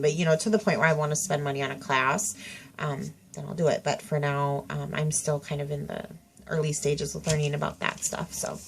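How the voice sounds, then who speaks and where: A woman's voice: deep voice, a little hiss or hum. Chatty stuffy-nosed woman. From Minnesota. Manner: rambling, chatty, full of fillers and self-corrections. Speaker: craft vlogger. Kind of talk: casual tag video answering questions. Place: home craft room.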